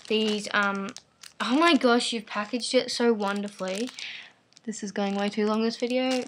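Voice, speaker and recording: A woman casually chatting through an unboxing at home, gushing and excitable, rambling with lots of fillers. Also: medium pitch, noisy background. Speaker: vlogger unboxing a package.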